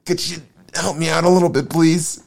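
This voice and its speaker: A man's voice: fairly low pitch, animated, a little mellow, voice pushed up. A man doing a meek, pleading believer. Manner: meek, apologetic, halting. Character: humble pleading suffering male believer.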